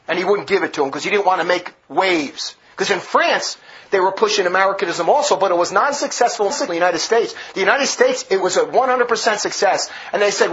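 Heated and indignant, the preacher rails about church history, his pitch lurching sharply up and down without rest. The sound is lo-fi, and his voice comes across a bit bright.

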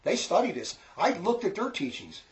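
A man with a New Jersey accent lectures on faith in an emphatic, repetitive way, pressing his points again and again. His voice sits a little higher than most men's. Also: very animated. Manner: emphatic, repetitive, quick to scold. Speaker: religious teacher. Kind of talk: informal religious lecture.

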